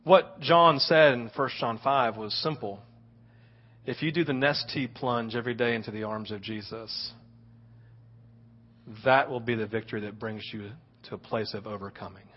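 Animated man preaching a sermon. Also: mid-range voice, muffled recording. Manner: animated storytelling with frequent "right?". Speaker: pastor.

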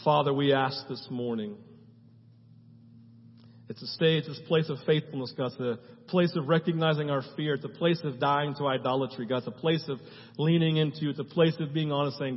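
A man preaching a sermon as pastor, swinging from hushed tones to loud, fervent prayer and often asking the audience "right?". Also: fairly high pitch, fairly even intonation, brisk. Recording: dull, echoey church hall.

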